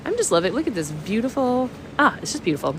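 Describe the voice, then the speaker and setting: A woman's voice: a little high, very animated, fast, background noise. A woman hosting a walking-tour livestream, chatting with viewers' comments, a bit sniffly from a cold. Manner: bubbly, chats with viewers' comments. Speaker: travel livestream host. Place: outdoors on a village street.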